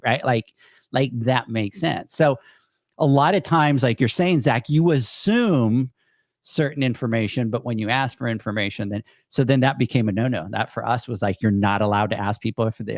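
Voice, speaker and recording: A man's voice: mid-range voice, lively intonation, normal speed, a little mellow, no echo. A man co-hosting a podcast, telling a work story in casual chat and acting out quoted lines. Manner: storytelling, acts out quoted dialogue. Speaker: podcast co-host.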